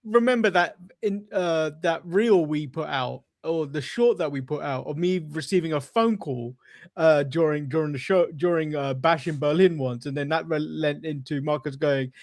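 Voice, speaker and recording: A man's voice: fairly high pitch, moderate pace, dry recording, studio quality. An English man co-hosting a podcast, rambling in casual chat with many hesitations. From England. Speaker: podcast co-host.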